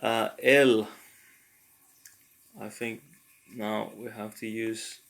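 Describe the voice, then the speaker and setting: A man talking through a language lesson in a casual, halting way, pausing often to think aloud with fillers. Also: fairly low pitch, little pitch movement, vocal fry, fairly bright tone. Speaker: language learner and tutor.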